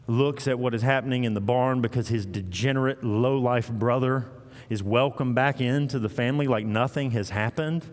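A man preaching a sermon in a church, retelling a parable and acting out its voices with animated storytelling. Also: medium pitch. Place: church sanctuary. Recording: long hall reverb.

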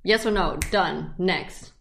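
Animated woman telling dating stories. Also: on the low side, slow, creaky, slight background noise. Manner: animated storytelling, acting out text exchanges. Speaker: podcast host. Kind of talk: casual chat.

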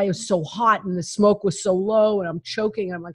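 A woman's voice: mid-range voice, fairly even intonation, quick pace. A woman guest in an interview, telling her own story in a frank, emphatic way and laughing between phrases. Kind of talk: candid personal storytelling.

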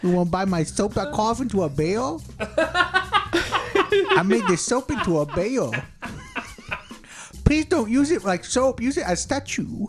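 A man's voice: sing-song, heavily acted. A man doing a goofy inmate hawking crafts. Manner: halting, broken-English sales pitch. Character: bumbling male prison inmate craft seller.

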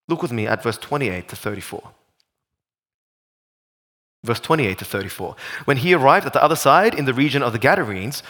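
A male pastor preaching a sermon, animated and full of rhetorical questions. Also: medium pitch.

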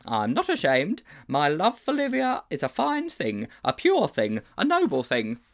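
A man playing a fretful, lovesick middle-aged schoolmaster in a storybook reading, who stammers through his confessions and swoops up in pitch when he frets. His voice is raised well above a plain reading voice and rises and falls widely. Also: wildly swooping pitch, a little slow, creaky, full character voice. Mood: flustered. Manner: fretful, stammering, dramatic wailing.

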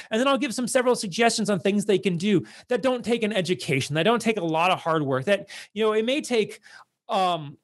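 A man with a fairly high voice delivers a blunt, exasperated monologue to his online followers. His talk is loose and full of fillers, yet he comes down firmly on each point. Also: brisk. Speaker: online content creator.

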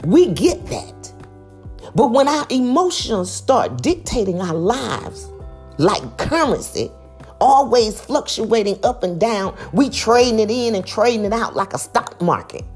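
A woman giving a preachy motivational talk, emphatic and full of rhetorical questions, swinging from loud high exclamations to low quiet asides. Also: sing-song, measured pace, faint music behind. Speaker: motivational speaker.

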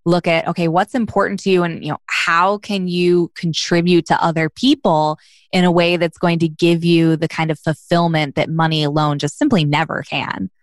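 A woman's voice: on the low side, flat delivery, moderate pace, dry recording, studio quality. A woman hosting a podcast who asks curious, friendly questions and talks casually with many fillers. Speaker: podcast host. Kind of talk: interview questions, casual chat.

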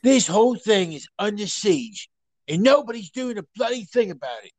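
A man putting on a loud, crude Cockney character with a blustering manner. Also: high voice, sing-song, moderate pace, no echo, voice pushed up. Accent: Cockney, put on.

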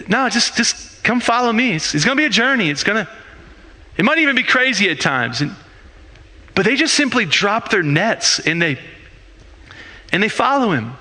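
A man's voice: high voice, sing-song, normal speed, pauses often, sharp tone. A man preaching a sermon as a pastor in a conversational way, with rhetorical questions and frequent restarts.

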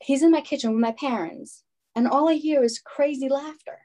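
A woman in her thirties telling stories in casual conversation, animated and acting out what others said. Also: sits high, normal speed. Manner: animated storyteller, acts out quotes.

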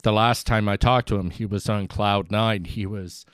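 A man hosting a podcast, talking in a halting, thoughtful way with frequent restarts. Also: fairly low pitch, fairly even intonation, dry recording, clean studio sound. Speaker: podcast host. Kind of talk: casual podcast conversation.

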